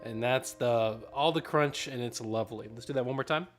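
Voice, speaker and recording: A man's voice: mid-range voice, normal speed, over music. Male choir director coaching a sectional. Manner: gives directions between sung demonstrations. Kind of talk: rehearsal instruction.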